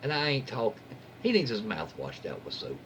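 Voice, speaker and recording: At a moderate pace, this man reads Reddit stories for his YouTube channel, adding casual commentary as his voice swings lively up and down. Folksy, wry asides and jokes he bleeps himself keep popping in over a faint background hum.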